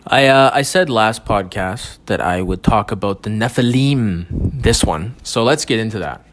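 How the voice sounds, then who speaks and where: Low-voiced rambling podcast guy. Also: expressive, measured pace. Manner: rambling, profane, stumbling restarts. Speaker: podcast host. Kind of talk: casual solo podcast monologue.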